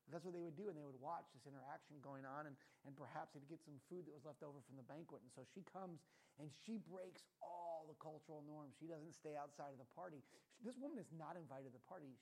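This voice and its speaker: Man preaching, pastor, animated, questions to the congregation, church hall. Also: on the high side, quick pace, vocal fry. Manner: animated, asks the audience questions. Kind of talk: sermon.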